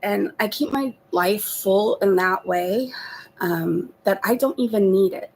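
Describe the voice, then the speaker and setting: A woman speaking softly in a confessional vlog, sniffly from holding back tears, with halting pauses. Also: medium pitch, slight background noise, low-quality recording. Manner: soft, halting, many fillers. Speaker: vlogger.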